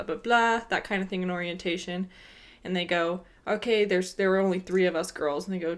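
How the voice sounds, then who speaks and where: A woman in her twenties from Arizona, co-hosting a podcast and telling a story in a lively way, laughing often. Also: mid-range voice. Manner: animated, laughs a lot while telling stories. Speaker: podcast co-host. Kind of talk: casual chat, storytelling.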